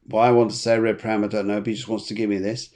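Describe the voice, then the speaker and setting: A man's voice: on the low side, level tone, racing, darkish tone. A man working as a medium, chatting and relaying messages on a live reading show, often repeating his phrases. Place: lives in Spain.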